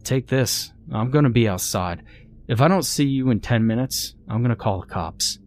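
A man's voice: medium pitch, lively intonation, normal speed, darkish tone, lightly acted. A man voicing a frightened, irritable burly young man who keeps pleading and complaining as they explore. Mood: stern, urgent.

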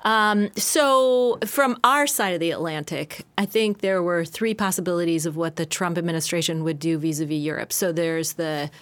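A woman's voice: on the low side, normal speed, hardly any pauses, fairly bright tone. A woman giving political analysis in casual chat, methodical, laying out options in order.

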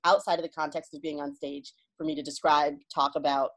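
A woman's voice: low voice, level tone, a little fast, low-quality recording. Woman, comedian, podcast co-host, casual chat, laughs a lot. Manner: chatty, laughs often, hesitant fillers.

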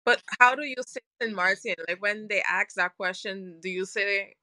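Woman podcast host, bright voice, dry close mic; quick teasing interjections. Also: mid-range voice, dry recording. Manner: short reactions, teasing humor. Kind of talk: casual podcast chat.

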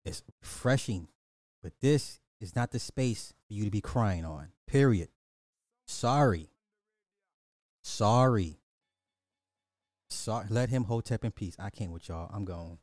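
A man's voice: on the low side, normal speed, dry recording, clean studio sound. A man hosting a reaction video, talking casually with jokes and bursts of laughter. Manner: animated, joking, breaks into laughter.

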